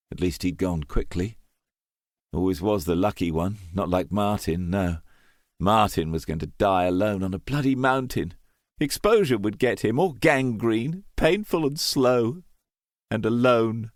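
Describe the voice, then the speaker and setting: A man's voice: low voice, unhurried, dry recording, clean studio sound. A man narrating an audiobook thriller in an emotive, dramatic way.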